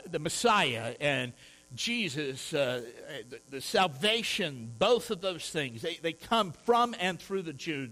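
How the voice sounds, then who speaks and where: A man delivering a sermon in a conversational, heartfelt way. His voice sits a little high and swings widely in pitch. He talks earnestly, often tripping over and repeating his words. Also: fairly bright tone, rough recording. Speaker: preacher.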